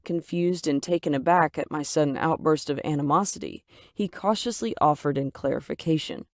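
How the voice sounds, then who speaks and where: A woman's voice: low voice, a little fast, hardly any pauses, dry recording, studio quality. A woman reading a scripted first-person story aloud in a dramatic, emotive way. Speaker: narrator.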